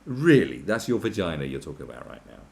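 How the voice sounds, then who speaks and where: A man's voice: a bass voice, very animated, fast talker, vocal fry. A man on a podcast, ranting crudely and sarcastically with many restarts and mocking asides. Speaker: podcast host. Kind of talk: crude comedic rant.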